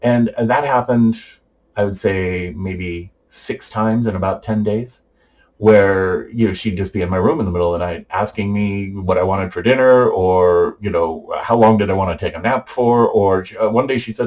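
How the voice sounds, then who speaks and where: A man's voice: fairly low pitch, moderate pace, darkish tone, low-quality recording. A middle-aged man giving a casual personal update, rambling with many fillers and restarts. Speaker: vlogger giving a family update.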